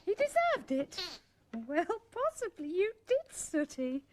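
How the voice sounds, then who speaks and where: A woman's voice: very high voice, very animated, unhurried. A woman presenting a children's show, cheerfully coaxing puppets and telling corny jokes. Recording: loud tape hiss from old VHS.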